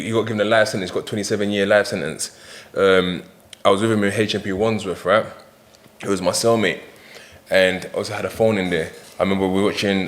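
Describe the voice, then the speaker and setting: A man talks fast in a fairly low voice. He tells stories with lively energy and acts out the voices of the people he quotes. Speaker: podcast guest. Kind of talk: casual chat.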